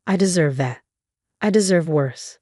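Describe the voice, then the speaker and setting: A woman voicing a remorseful older mother-in-law who speaks softly and apologetically. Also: lowish voice, unhurried, no echo, studio quality. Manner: soft, apologetic.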